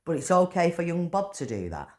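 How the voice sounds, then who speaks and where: A woman delivering an angry, profane rant, swearing and shouting in bursts. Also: fairly low pitch, sing-song, fairly quick. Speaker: political commentator. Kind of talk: angry ranting monologue.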